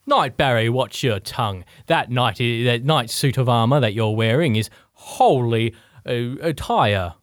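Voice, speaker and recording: A man's voice: mid-range voice, lively intonation, measured pace, hardly any pauses, no room sound, clean studio sound, lightly acted. A man playing a stern, stuffy senior male knight in a comedy sketch, scolding and exasperated in a formal manner.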